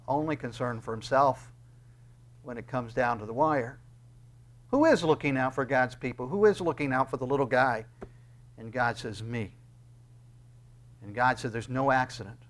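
A man preaching a sermon in a conversational way, with many fillers, who grows emphatic when he reads scripture aloud. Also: mid-range voice. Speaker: pastor.

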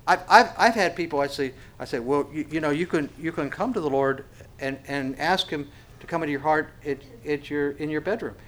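A man's voice: fairly high pitch, fairly quick, fairly bright tone. A man preaching a sermon as pastor. He asks the congregation rhetorical questions and often stumbles over repeated words.

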